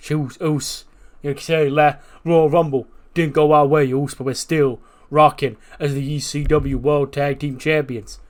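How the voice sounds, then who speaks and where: A man voicing a brash young male tag team champion who talks in loud, slangy hype. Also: fairly high pitch, little pitch movement, a little slow, close to an everyday voice. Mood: boastful.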